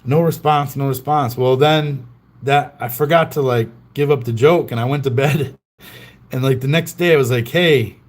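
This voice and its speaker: A man's voice: mid-range voice, normal speed. A man hosting a trading card livestream, telling stories in a loose, rambling way with lots of fillers and little chuckles. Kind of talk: casual livestream chat.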